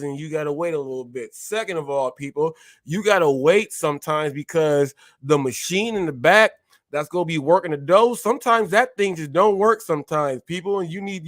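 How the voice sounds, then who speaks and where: A man hosts a casual live stream and lectures his viewers, calling them "people" over and over. His voice is quite high for a man. The sound is dry and close, with no room echo. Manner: preachy, keeps addressing viewers as "people". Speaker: show host.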